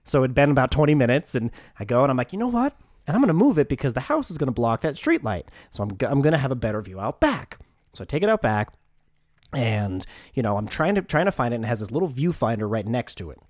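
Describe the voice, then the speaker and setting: A man's voice: medium pitch, big pitch swings, quick pace, dry recording, clean studio sound. A young American man co-hosting a podcast, telling a story in casual chat and swearing often. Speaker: podcast co-host.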